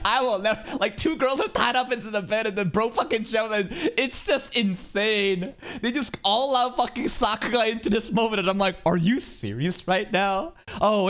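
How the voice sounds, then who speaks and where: A man streaming a casual reaction to a video, crude and excitable, stammering and laughing as he talks. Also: high-pitched.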